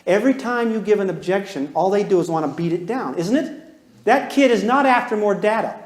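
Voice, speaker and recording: A man giving a live parenting lecture to an audience, animated and joking, acting out little dialogues with big swings in pitch and volume. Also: brisk. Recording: roomy hall echo.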